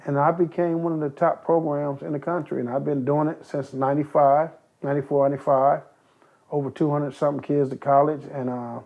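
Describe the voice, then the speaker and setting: An older man from Compton, California, telling stories as an interview guest, animated and swearing freely. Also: on the high side, brisk. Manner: animated, acts out quoted voices, swears freely. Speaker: interview guest, youth basketball coach. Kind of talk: casual storytelling. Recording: dull lo-fi recording.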